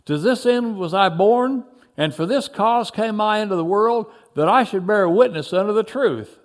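A man reading a biblical story aloud, voicing a calm, solemn teacher on trial in a soft, low, measured way.

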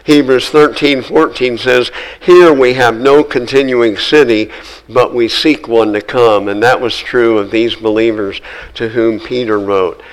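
A man preaching a sermon, earnest and emphatic, repeating phrases and slowing down to stress key words. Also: medium pitch, fairly even intonation, low-quality recording.

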